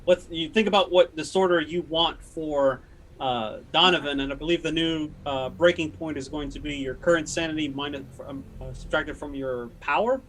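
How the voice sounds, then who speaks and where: A man running a tabletop horror game as game master, talking casually with many pauses and fillers. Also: fairly high pitch, a bit bright, a little hiss or hum, rough recording. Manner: casual, halting, lots of fillers.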